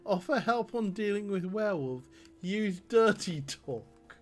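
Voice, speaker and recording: A man's voice: high-pitched, animated, measured pace, faint music behind. A man streaming a text adventure game, reading the options aloud and laughing often.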